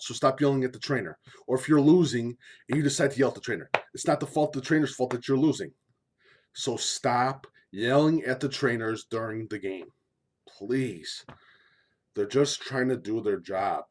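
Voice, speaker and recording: Speaking at a moderate pace, this man, once a high school line coach, delivers a blunt, repetitive opinion monologue, pleading and dropping casual swears along the way.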